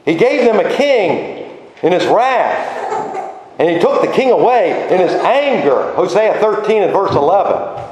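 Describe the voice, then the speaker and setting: A man preaching a sermon with animated emphasis, his voice swinging between high exclamations and low asides. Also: measured pace. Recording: very echoey room with faint noise.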